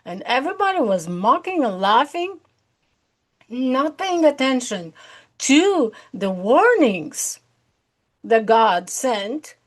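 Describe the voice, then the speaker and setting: A woman's voice: sits high, very animated, slow pace. A woman hosting an online prophecy channel, preaching an urgent sermon with earnest appeals and repeated phrases.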